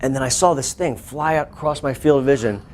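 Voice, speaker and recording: A male teacher telling a lively personal story to his students, breaking into shouts and laughter. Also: medium pitch, fairly quick, a little hiss or hum. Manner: animated, bursts into shouts and laughs while telling. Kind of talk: storytelling to a class.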